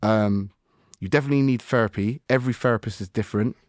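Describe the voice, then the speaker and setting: A man, a guest musician on a podcast, telling stories in lively slang and acting out his own inner voice. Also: lowish voice, quick pace, no room sound, studio quality. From United Kingdom. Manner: animated storytelling with slang and acted-out self-talk. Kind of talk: casual podcast conversation.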